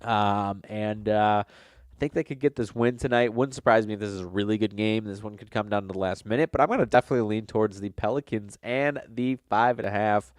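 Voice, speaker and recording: Low, nasal man talking betting picks. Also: fairly even intonation, brisk, no room sound, clean studio sound. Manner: rambling, frequent fillers and self-corrections. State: nasal from a cold. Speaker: sports betting podcast host. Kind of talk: casual solo sports betting talk.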